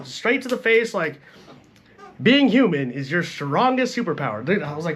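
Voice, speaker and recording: A fairly high-voiced young man riffs through a film review in loose, unscripted speech, sprinkling in swearing and constant "like"s. His tone stays blunt and conversational, the way a channel host talks straight to his viewers. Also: very animated, normal speed, fairly bright tone, lo-fi sound, slight background noise. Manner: profane, blunt, repeats "like" and "bro". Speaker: movie reviewer. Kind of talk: casual film review rant.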